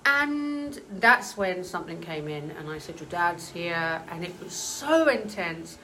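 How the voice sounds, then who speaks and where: A woman's voice: lowish voice, sing-song, a little slow, sharp tone, a little hiss or hum, rough recording. Brief: earnest woman medium, casual storytelling, hesitant and emotional. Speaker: spiritual medium.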